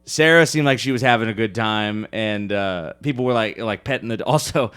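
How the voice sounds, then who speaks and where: A man's voice: lowish voice, normal speed, clean tone. A man co-hosting a podcast, telling a story in casual chat, swearing freely and laughing often. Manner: profane, laughs often, animated retelling. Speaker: podcast co-host.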